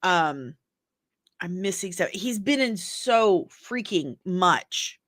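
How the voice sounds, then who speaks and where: A woman's voice: on the low side, animated, takes it slowly, a bit bright, dry recording, clean studio sound. A woman hosting a casual entertainment news show, chatty and rambling with jokey asides. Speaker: host.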